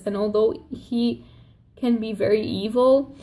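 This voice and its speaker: A woman's voice: fairly high pitch, fairly even intonation, unhurried, dark tone. Gushing woman book vlogger. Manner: gushing and emotional, with frequent restarts. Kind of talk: casual spoiler book review vlog.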